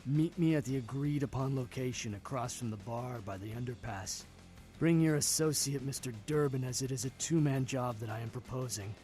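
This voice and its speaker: An actor voicing a formal, scheming man who leaves a measured phone message in a video game. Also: medium pitch, warm tone, lightly acted. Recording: faint game music behind.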